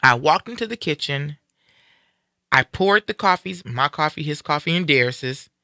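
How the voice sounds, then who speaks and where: A man in a casual live-stream conversation, retelling a personal story in an animated way and acting out what people said. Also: on the high side, moderate pace, dry recording, clean studio sound. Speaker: guest sharing a personal story.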